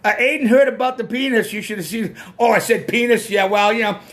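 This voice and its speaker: A man's voice: high-pitched, a little fast, fairly bright tone. A man with a Boston accent hosting a casual live stream, ranting and swearing when he gets worked up, through a computer mic.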